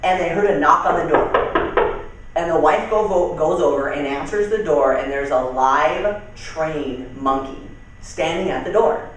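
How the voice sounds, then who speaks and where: A young man giving casual, energetic sales training with stories, talking loosely and calling people dude and man, heard from far off in a very echoey room. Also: on the high side, a little slow, background noise. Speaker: network marketing trainer. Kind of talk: training talk with storytelling.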